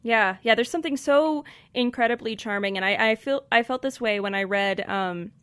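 A woman's voice: on the high side, moderate pace, fairly bright tone, dry recording. A woman from Colorado with an American accent, hosting a podcast, chatting thoughtfully and reading poetry aloud. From Colorado, USA. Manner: thoughtful, with fillers. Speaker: podcast host. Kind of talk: casual chat and poetry reading.

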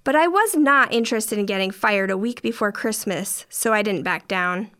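A woman's voice: mid-range voice, expressive, normal speed, fairly bright tone, clear, resonant tone. A middle-aged woman narrating a first-person story in a dry, wry way.

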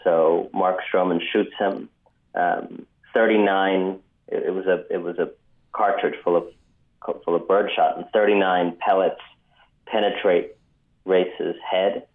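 A man recounting a story on a radio interview, unhurried and dotted with ums. His voice sits very low. It comes through a thin, tinny phone line. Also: steady tone. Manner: measured, many ums, vivid retelling. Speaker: author guest.

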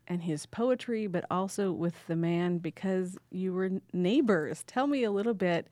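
A woman's voice: fairly low pitch, a little mellow, dry recording. A woman hosting a public radio interview, asking attentive questions. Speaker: radio host.

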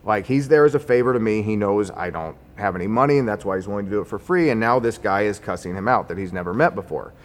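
A man's voice: lowish voice, quick pace, hardly any pauses. Man telling a story in a reverberant hall. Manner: conversational, wry and animated when recounting. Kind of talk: personal story told to an audience.

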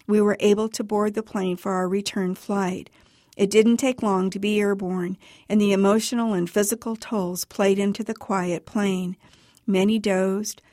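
A woman author reading her own personal account aloud for radio in a measured, even storytelling manner. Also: mid-range voice, dry recording, studio quality.

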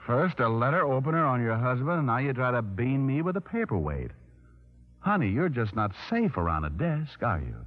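A man's voice: medium pitch, sing-song, moderate pace, soft background music, lightly acted. A man playing a cocky, wisecracking private detective in an old radio drama, with a teasing manner. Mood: accusing. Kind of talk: 1940s radio drama acting. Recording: muffled old radio broadcast.

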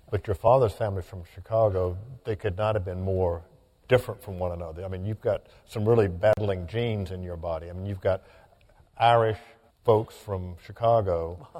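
A man hosting a radio interview, asking relaxed, conversational questions. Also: low voice, normal speed, in a large hall. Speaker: radio host.

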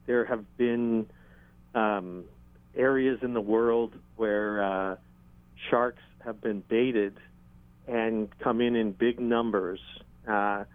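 A man being interviewed about documenting sharks, telling stories at an unhurried, halting pace with dry humor. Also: mid-range voice, dry recording. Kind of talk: conversational interview storytelling. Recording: tinny phone-line sound.

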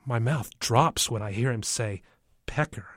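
A man calmly narrating a first-person story from a child's view. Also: medium pitch, unhurried, no room sound, studio quality. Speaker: audiobook narrator.

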